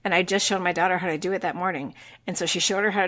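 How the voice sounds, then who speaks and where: A middle-aged woman co-hosting a podcast, telling a personal story in casual chat with lively delivery and casual swearing. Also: lowish voice, racing. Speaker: podcast co-host.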